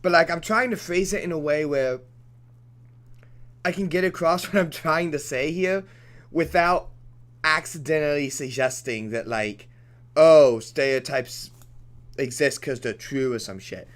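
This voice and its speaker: A man's voice: a little high, normal speed, a bit bright. A young man streaming a game who goes off on a profane, rambling rant, restarting his sentences and laughing between points. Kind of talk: off-topic rant during a let's play.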